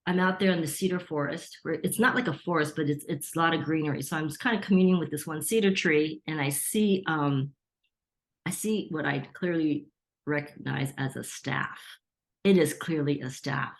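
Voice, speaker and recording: A woman's voice: low voice, moderate pace, gravelly. A middle-aged woman, a podcast guest, telling a story in casual conversation and acting out the voices of people she quotes. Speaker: podcast guest, Reiki teacher.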